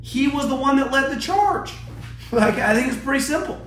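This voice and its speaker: High-voiced blunt man ranting about sports. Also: lively intonation, normal speed, fairly bright tone, reverberant, a little hiss or hum. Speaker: sports podcast host. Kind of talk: opinionated sports talk.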